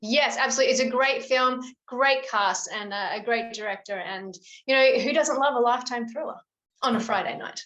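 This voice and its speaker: A woman's voice: fairly high pitch, fairly quick, fairly bright tone, echoey room, lo-fi sound. A woman from Australia, an actress guest chatting in an upbeat, gushing way during an interview. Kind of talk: casual interview chat.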